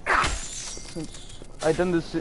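Man commentating gameplay, high voice, unhurried, swears constantly, excitable. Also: very noisy. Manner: swears a lot, excitable, talks to chat. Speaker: gaming streamer.

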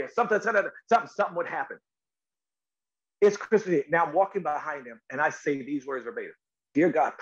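A man's voice: high voice, lo-fi sound. A middle-aged man from North Carolina telling stories in an interview, repeating words and acting out quotes. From North Carolina, USA. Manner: animated storyteller, repeats words, acts out quotes. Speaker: actor guest. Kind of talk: storytelling interview.

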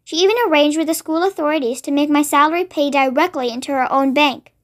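Woman reading a children's book aloud, steady and clear, high pitch. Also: fast. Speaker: storybook reader.

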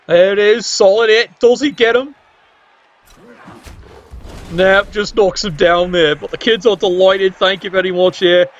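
A man's voice: sits high, dull audio. A man doing casual, wry play-by-play commentary on a game stream, teasing the players with exclamations.

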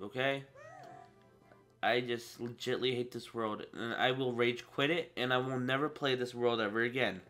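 Teen boy, gaming commentary, bright tense voice, swearing and frustrated, faint game music behind. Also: medium pitch. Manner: frustrated, swearing, talks to viewers. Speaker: gaming channel host. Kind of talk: casual let's play commentary.

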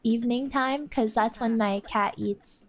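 A young woman streamer in casual chat, rambling and excitable, with lots of fillers. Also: on the high side, measured pace.

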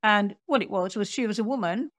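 A woman author, a guest on an interview podcast, telling a history story in a lively storyteller's way and acting out what people said. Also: mid-range voice, brisk, dry recording, studio quality. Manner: animated storyteller, acts out quotes.

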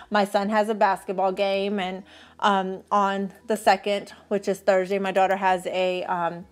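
A middle-aged woman with a Texan accent, chatting casually and rambling as she decorates her planner for a vlog. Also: mid-range voice. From Texas. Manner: chatty, rambling, thinks aloud. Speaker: planner vlogger.

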